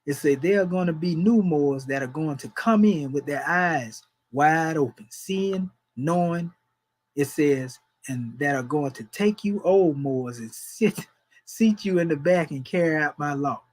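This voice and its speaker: A man's voice: on the high side, unhurried, low-quality recording. A man, preaching in a folksy, emphatic way and chuckling between points. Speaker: religious teacher. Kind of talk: informal preaching.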